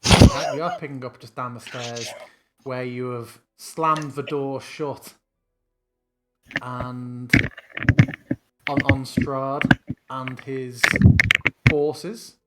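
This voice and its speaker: A man running a tabletop game as game master, low-key and soft-spoken. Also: steady tone, drawn-out words, pauses often, loud music behind the voice.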